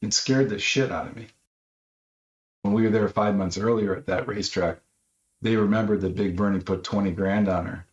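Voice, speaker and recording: A man's voice: fairly low pitch, steady tone, moderate pace. A man from Los Angeles, an author and guest, telling a story and acting out quotes with a raised voice. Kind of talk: animated storytelling. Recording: roomy, slightly dull audio.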